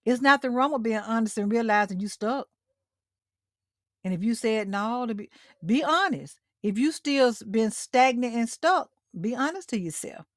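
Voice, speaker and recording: A woman's voice: on the high side, lively intonation, moderate pace, dry recording, clean studio sound. A middle-aged woman hosting a motivational livestream talk, speaking directly to her listeners and repeating her key lines for emphasis. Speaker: host.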